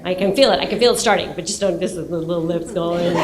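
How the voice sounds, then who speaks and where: A woman's voice: on the low side, very noisy. Candid woman laughing through a story. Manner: frank and self-mocking, laughing through her story. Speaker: filmmaker on a festival panel.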